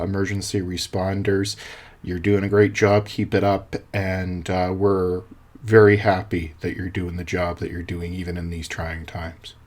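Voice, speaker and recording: A man casually tells a fable to his viewers in a relaxed, gentle way. His voice sits a little low. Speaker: storyteller. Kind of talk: casual storytelling.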